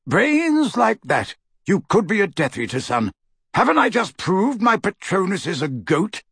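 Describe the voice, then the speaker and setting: A man reading an audiobook voices a gruff, scornful old male barman who talks bluntly and sarcastically. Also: high-pitched, very animated, a little slow, a bit bright, dry recording, studio quality, voice pushed up, exaggerated voice.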